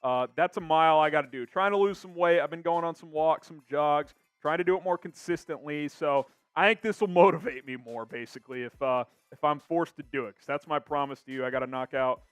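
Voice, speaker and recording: A man's voice: fairly high pitch, fairly quick, hardly any pauses, clean tone, no room sound, soft background music. Upbeat male live-stream host, dry close sound. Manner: upbeat, reads viewer comments aloud. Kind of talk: casual live-stream chat.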